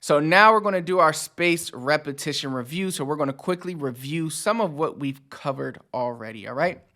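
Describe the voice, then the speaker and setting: A man teaching a language lesson in a relaxed, casual way, explaining phrases with loose everyday fillers. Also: a little high, moderate pace.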